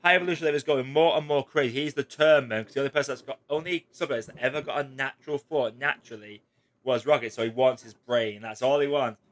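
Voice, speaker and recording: A man's voice: medium pitch, quick pace. A man hosting a casual spoiler chat, talking animatedly and acting out quotes in raised voices. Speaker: podcast host.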